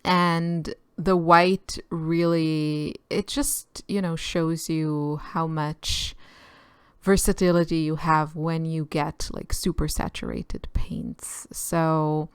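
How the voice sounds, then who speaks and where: A woman's voice: sits low, flat delivery, slow pace, clean tone, no room sound, clean studio sound. A woman host giving a casual voice-over narration, chatty and musing as she thinks aloud with small asides. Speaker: artist and channel host. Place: quiet room, recorded apart from the filmed footage.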